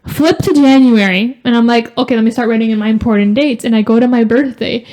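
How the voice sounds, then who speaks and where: A young woman co-hosting a casual sibling podcast, telling animated stories full of "like". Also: on the high side, fast talker. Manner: animated storytelling with lots of "like". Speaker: podcast co-host.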